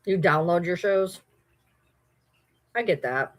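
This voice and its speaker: A woman's voice: lowish voice, takes it slowly. A woman from Michigan with a Michigan accent, chatting casually on a livestream, rambling and answering viewer comments. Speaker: livestream host.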